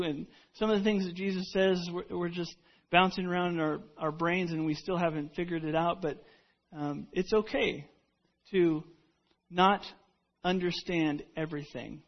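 A man's voice: high-pitched, fairly even intonation, normal speed, highs cut off. A man preaching a sermon, telling stories in a conversational way with frequent restarts. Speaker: pastor.

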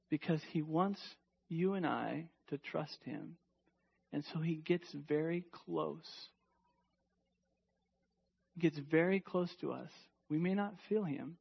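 A man preaching a sermon emphatically, asking rhetorical questions and dropping to a hush at times. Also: sits high, gravelly, breathy edge, highs cut off. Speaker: pastor.

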